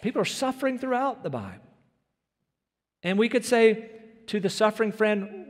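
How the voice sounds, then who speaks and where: High-voiced preacher in a reverberant hall. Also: male voice, very animated, normal speed, pauses often. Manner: earnest, emphatic preaching with rhetorical questions. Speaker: pastor. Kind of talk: sermon.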